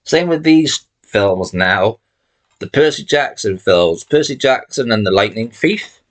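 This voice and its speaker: A man's voice: mid-range voice, expressive, a little slow. A man chatting casually to camera as a video host, rambling with emphatic opinions. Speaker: channel host showing his film collection. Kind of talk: casual vlog talk to camera.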